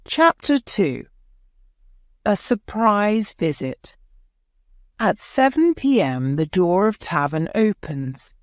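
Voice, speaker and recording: A woman narrating a graded reader audiobook in a slow, careful reading. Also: fairly low pitch, no echo, studio quality.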